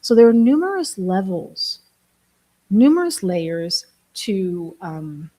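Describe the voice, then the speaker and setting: A woman's voice: mid-range voice, very animated, takes it slowly, dark tone, rough recording. A woman from Germany chatting casually to camera, laughing often and making fun of herself. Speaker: vlogger, app builder.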